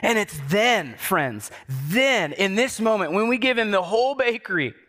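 Man, pastor giving a sermon; high, bright voice, conversational and building to emphatic repeated lines. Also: animated, normal speed. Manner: conversational preaching with asides to the congregation.

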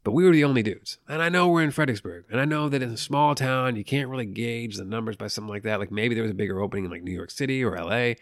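Gravelly-voiced man rambling through a movie review. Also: medium pitch, racing, few pauses, no echo, studio quality. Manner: rambling, profane, jokey asides. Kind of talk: casual spoken movie review.

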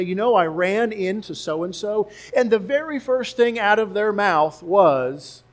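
A man with a somewhat raised voice preaches a teaching sermon. He walks his church through scripture, explains Greek word meanings and repeats key words for emphasis. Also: a little high. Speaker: pastor.

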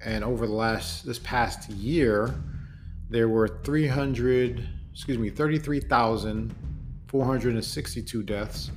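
A man hosting a solo commentary podcast, talking in an earnest, deliberate way with fillers and self-corrections. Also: medium pitch, soft background music. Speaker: podcast host. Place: home in Germany.

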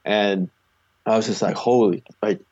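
A young Canadian man tells his road stories in a loose, rambling way, packing every sentence with "like". His voice sits a little low. The recording sounds slightly muffled and dull. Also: steady tone, a little fast, a little mellow. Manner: rambling, heavy use of "like" fillers. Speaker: guest, long-distance charity cyclist. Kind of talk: casual storytelling interview.

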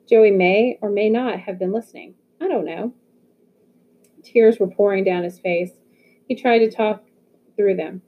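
A woman reading a novel aloud in a steady storytelling manner. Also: medium pitch, measured pace, pauses often. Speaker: audiobook reader. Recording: phone-like narrow audio.

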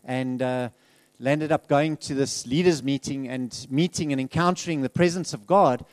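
A man's voice: medium pitch, steady tone, normal speed, no room sound. A middle-aged man giving a candid, conversational testimony as a guest speaker in a church, laughing often and restarting his sentences.

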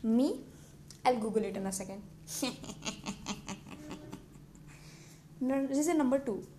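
Teenage girl, vlog monologue, rambling and self-mocking, slightly high voice, faint hiss behind. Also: lively intonation, fairly quick, warm tone. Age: teens. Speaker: vlogger. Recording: faint background noise.

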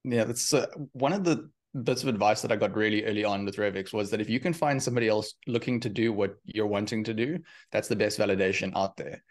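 A man who founded a crypto company, talking quickly and explaining on a podcast with many "I mean" and "like" asides. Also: lowish voice. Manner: fast, explanatory, frequent "I mean" and "like". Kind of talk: podcast conversation.

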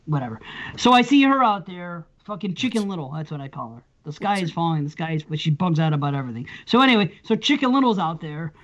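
A man's voice: on the high side, big pitch swings, fast, a bit bright. Middle-aged man, podcast co-host, rambling profane storyteller, muffled lo-fi audio. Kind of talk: casual chat, storytelling. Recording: dull lo-fi sound.

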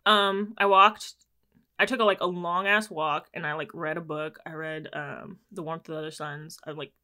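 A woman's voice: sits low, steady tone, normal speed, bright, forceful tone. A woman in casual chat, animatedly telling stories and acting out exchanges, swearing freely.

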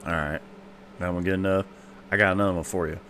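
A man's voice: low-pitched, steady tone, fast talker, fairly bright tone, a little hiss or hum. A man hosting a joke podcast, telling jokes in a folksy, rambling way.

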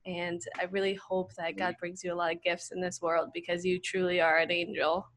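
A woman's voice: lowish voice, monotone, a little fast, fairly bright tone, a little hiss or hum. A young woman hosting a podcast, talking enthusiastically and gushing, with many casual fillers. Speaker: podcast host.

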